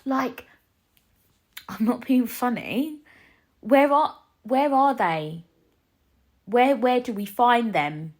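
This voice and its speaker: A woman, hosting a casual solo podcast and ranting in an animated, jokey way, swinging between loud and quiet. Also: fairly high pitch, slow, pauses often. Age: 20s. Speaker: podcast host.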